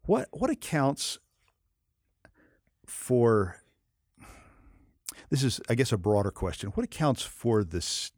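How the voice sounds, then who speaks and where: A man's voice: medium pitch, huge pitch swings, slow, pauses often, darkish tone, dry recording, clean studio sound. A man hosting a podcast interview, asking questions with hesitant phrasing. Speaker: podcast host. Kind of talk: interview conversation.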